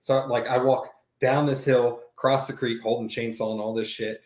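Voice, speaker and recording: A man telling a long, profane story in casual chat, rambling and animated as he acts out what people said. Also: medium pitch, moderate pace. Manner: profane, rambling, animated retelling with quoted dialogue. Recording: roomy echo.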